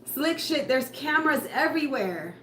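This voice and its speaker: A woman's voice: high voice, lively intonation, moderate pace, a bit bright. A woman giving a casual tarot reading, blunt and profane, firing off rhetorical questions as she rants about what the cards show. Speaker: tarot reader. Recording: echoey room with faint noise.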